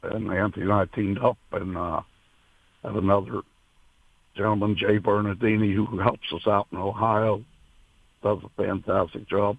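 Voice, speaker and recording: A man, a racehorse owner, being interviewed over the phone, talking in a halting way with many fillers and restarts, emotional. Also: on the low side, flat delivery, vocal fry, no room sound. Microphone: telephone. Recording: tinny phone line.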